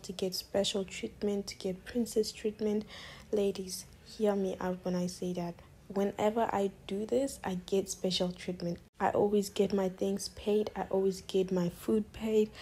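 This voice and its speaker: A woman giving casual, direct advice to other women in a vlog, often calling out to them and slipping into breathy half-whispers. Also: mid-range voice, dark tone. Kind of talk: casual advice monologue to camera.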